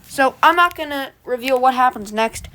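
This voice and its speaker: A woman's voice: high-pitched, expressive, moderate pace, pushed and bright. A woman casually recapping and reviewing a comic book in a chatty, rambling way.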